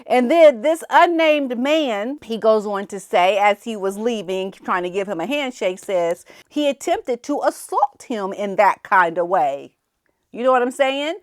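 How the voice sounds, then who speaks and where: A woman hosting a casual commentary show, animated, often laughing and acting out the people she quotes. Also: on the high side, measured pace, no room sound, clean studio sound. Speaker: commentary channel host.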